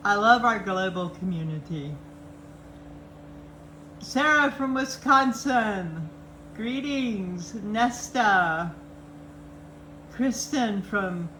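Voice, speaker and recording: A woman's voice: a little high, fairly bright tone. A woman hosting a casual live chat, greeting viewers by name and laughing often. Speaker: livestream host. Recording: echoey room, faint background noise.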